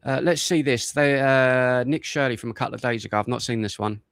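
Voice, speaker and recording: Male streamer, blunt and scornful commentary, gravelly voice, dry sound. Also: medium pitch, fairly quick, a bit bright, dry recording. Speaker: livestream host. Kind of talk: casual reaction commentary.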